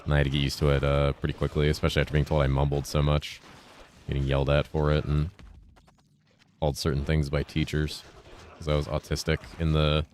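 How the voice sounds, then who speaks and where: A man in his thirties with a remarkably deep, low voice talks loosely with his stream chat, cursing offhandedly between topics. He speaks in a deliberate, clearly enunciated voice with a slightly raised inflection. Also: monotone, a little mellow, slight background noise. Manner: laid-back, profane, reads and answers chat while playing. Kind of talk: casual gaming livestream chat.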